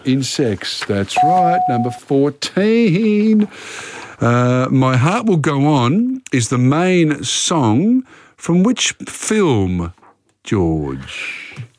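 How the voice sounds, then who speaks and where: A man's voice: mid-range voice, very animated, extremely slow, a little hiss or hum. A man hosting a radio quiz, chatty and easygoing, reading out questions and talking around them. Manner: chatty, reads questions then talks them through. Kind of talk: casual radio quiz chat.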